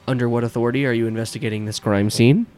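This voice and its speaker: A man doing a gruff, suspicious patrol cop. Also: mid-range voice, fairly even intonation, rapid-fire, darkish tone, natural voice.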